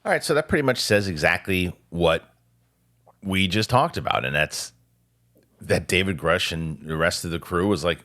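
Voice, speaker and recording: A man hosting a casual podcast chat, talking animatedly and jumping up in pitch whenever he quotes other people. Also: moderate pace. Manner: animated, jumps in pitch when quoting others. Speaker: host.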